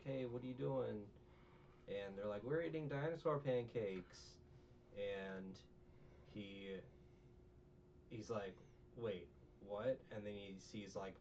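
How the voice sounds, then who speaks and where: In a dull, distant recording with faint background noise, a podcast co-host goes over a show in casual conversation. His fairly low, slightly mellow voice rambles along jokily, stuffed with fillers and imitated voices.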